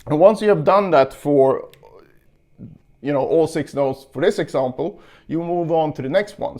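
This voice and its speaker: A young man gives a relaxed guitar lesson in a gravelly, slightly fried voice. He explains patiently and counts out beats, with guitar playing heard behind him. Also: on the high side, normal speed. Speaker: guitar teacher. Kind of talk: casual music lesson.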